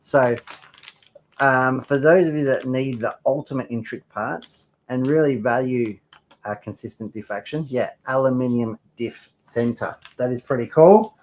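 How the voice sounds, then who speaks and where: An enthusiastic young man with a playful, teasing streak, running a casual product showcase. His voice sits at an ordinary mid pitch. A faint hiss runs under the recording. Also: measured pace, a little mellow. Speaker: hobby shop presenter.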